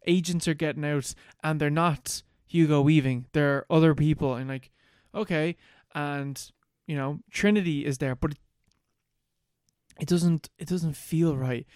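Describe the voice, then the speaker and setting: Loose, foul-mouthed podcast host, bright and clear. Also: male voice, fairly high pitch, measured pace, no echo, clean studio sound. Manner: loose, profane, animated plot recap. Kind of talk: casual chat.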